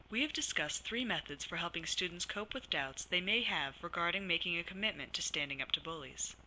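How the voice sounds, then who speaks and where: A woman reads a counseling course in a measured, scripted way. Her voice is very bright and her pitch moves around a lot. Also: a little hiss or hum, low-quality recording. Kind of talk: scripted instructional narration.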